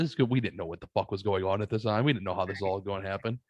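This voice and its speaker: A man from the United States, a podcast guest, telling casual stories in a blunt, heavily swearing, animated way. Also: sits low, rapid-fire, no echo. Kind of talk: casual storytelling chat.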